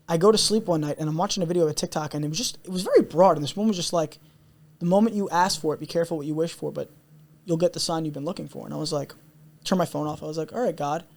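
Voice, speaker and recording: As a podcast guest, a young man tells a personal story candidly, intensely and earnestly, repeating himself. His fairly high, slightly mellow voice runs fast, punctuated by long pauses.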